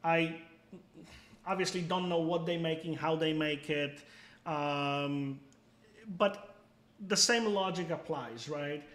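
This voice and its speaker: A man's voice: a little high, takes it slowly, pauses often, fairly bright tone. Blunt emphatic man in an echoey room. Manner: blunt, emphatic, peppers talk with "okay?" and swearing. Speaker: bait seller hosting a live stream. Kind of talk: casual live-stream chat answering viewers.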